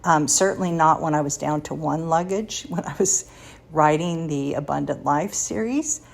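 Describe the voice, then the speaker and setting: A woman's voice: low voice, normal speed, gravelly. A woman in her sixties hosting a faith podcast, sharing personal stories in a confiding way and laughing lightly between thoughts. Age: 60s. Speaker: podcast host.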